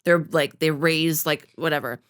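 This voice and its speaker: A woman's voice: low voice, fairly even intonation, moderate pace, fairly bright tone. A woman co-hosting a podcast in casual chat, rambling with lots of fillers and casual swearing. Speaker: podcast co-host.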